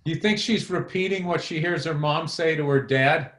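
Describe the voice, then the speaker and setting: Male co-host, profane ranter, bright forceful tone. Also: a little high, normal speed. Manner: profane, ranting. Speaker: podcast co-host. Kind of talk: casual chat. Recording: roomy echo.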